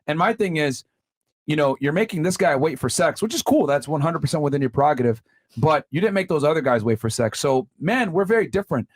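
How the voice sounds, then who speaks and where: A man's voice: on the high side, animated, fast talker, husky. A man hosting a podcast, bluntly lecturing and talking over his guests in a debate. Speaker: podcast host. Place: podcast studio.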